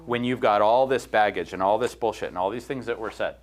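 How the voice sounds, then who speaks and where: Low-voiced man telling a story on a podcast. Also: brisk. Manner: storytelling, retells a counseling case with quoted lines. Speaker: host. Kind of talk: casual podcast chat.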